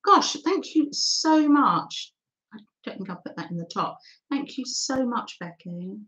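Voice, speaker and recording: Slow, lilting woman hosting a craft stream. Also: fairly high pitch, sing-song, a bit bright. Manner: chatty, thinks aloud while working; reads out and thanks viewers' comments. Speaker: craft livestream host. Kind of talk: live mixed-media art demo.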